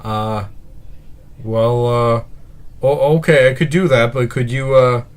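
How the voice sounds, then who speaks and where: A man's voice: medium pitch, fairly even intonation, slow pace. A man playing in a stream game, polite and hesitant, with many "uh"s. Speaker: player. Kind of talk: casual stream chat and role-play.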